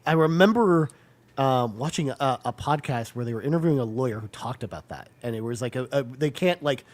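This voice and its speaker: Fast-talking man podcast co-host. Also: mid-range voice, lively intonation. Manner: quick, hesitant, restarts often. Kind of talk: casual chat.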